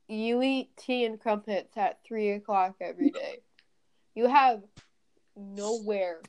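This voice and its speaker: A woman's voice: medium pitch, takes it slowly, darkish tone. A woman from the United States co-hosting a casual chat, blunt and ranting. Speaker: co-host.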